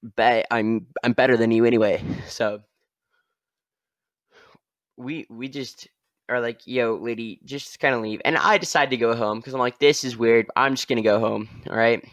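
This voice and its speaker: A man hosting his own podcast, telling a story casually and rambling, often tagging sentences with a quick "all right?". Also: medium pitch, steady tone, fairly bright tone, no room sound, clean studio sound. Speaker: podcast host.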